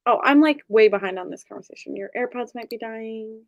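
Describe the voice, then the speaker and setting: Woman, casual chat host, bubbly and chatty, fairly high voice, dry close sound. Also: a little fast, no echo. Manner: chatty, bubbly, laughs often. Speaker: host of an online group reading session.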